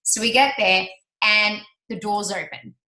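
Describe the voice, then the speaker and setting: A woman telling a personal story to an audience, chatty and animated, laughing often and acting out what people said. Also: medium pitch, measured pace. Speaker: speaker sharing her business success story. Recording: roomy hall reverb.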